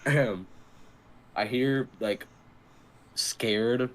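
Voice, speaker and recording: A man's voice: medium pitch, extremely slow, fairly bright tone, poor audio. A young man telling a rambling, swearing school story in casual chat and laughing often. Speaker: podcast co-host.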